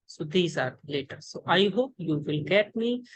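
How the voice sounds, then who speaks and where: An Indian woman teaching English online explains pronunciation in a lowish voice with lively intonation and an Indian accent. She halts a lot, filling pauses, restarting and repeating words. The screen-share recording is low quality with a little hiss or hum.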